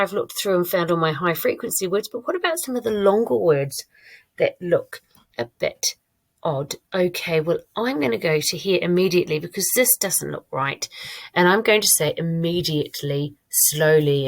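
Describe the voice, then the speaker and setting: A woman teacher giving a recorded online lesson, modelling her own writing aloud in a clear, encouraging way. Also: fairly low pitch, animated, moderate pace. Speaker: primary school teacher.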